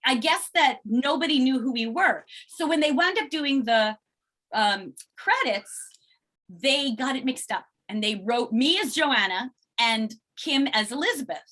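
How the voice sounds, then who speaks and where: A middle-aged actress chatting as an interview guest, telling stories in an animated way and acting out what people said. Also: female voice, sits high, unhurried. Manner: animated storyteller acting out quoted exchanges. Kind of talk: casual interview chat.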